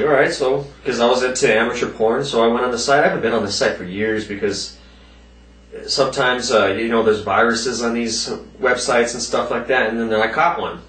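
A man of middling pitch talks loosely to his viewers, rambling from one thing to the next and swearing often. His voice sounds a bit distant from the mic, and the room around him gives it a noticeable echo. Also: a bit bright. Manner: rambling, swears a lot, voices quoted people in a higher pitch. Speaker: vlogger. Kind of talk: casual profane rant to viewers.

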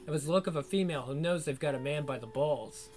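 A man narrating an audiobook in a steady storytelling read. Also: on the high side, quick pace. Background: faint guitar music.

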